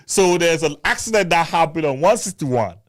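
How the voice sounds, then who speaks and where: A married man in his thirties hosting a casual chat, animated, laughing often and repeating words as he argues a point. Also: a little high, normal speed. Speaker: podcast host.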